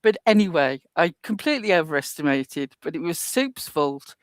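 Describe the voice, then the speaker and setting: A woman's voice: low voice, lively intonation, normal speed, no echo. Woman co-host, casual chat, dry joking manner, laughs often, dry close sound. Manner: dry, laughing, mock-outraged.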